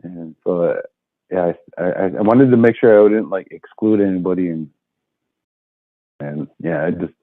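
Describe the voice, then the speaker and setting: A man's voice: deep voice, normal speed, long pauses, dry recording. A man speaking as a guest in a casual interview, easygoing and rambling, with plenty of fillers. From Leech Lake, Minnesota. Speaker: guest comedian. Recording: tinny phone-like call line.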